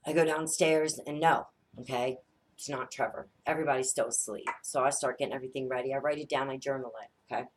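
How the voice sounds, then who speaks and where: A woman in her thirties, a mother telling a spooky family story in a casual, animated way, swearing often and acting out the dialogue. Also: very deep voice, fast, slight background noise. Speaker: psychic vlogger, mother.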